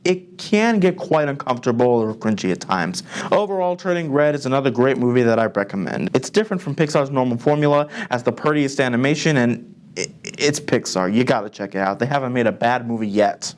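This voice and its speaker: Deadpan teenage boy reviewing a movie. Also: medium pitch, brisk. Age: teens. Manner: deadpan delivery. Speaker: student film reviewer.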